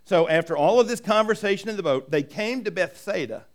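A man's voice: high voice, lively intonation, a little fast. A middle-aged man preaching a sermon in a conversational way, often asking "right?" and acting out quoted voices. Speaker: pastor.

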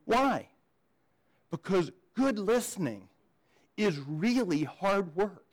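A man's voice: high-pitched, big pitch swings, takes it slowly, low-quality recording. A man preaching a sermon as pastor, conversational, often repeating words as he starts a sentence and asking the congregation questions. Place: church.

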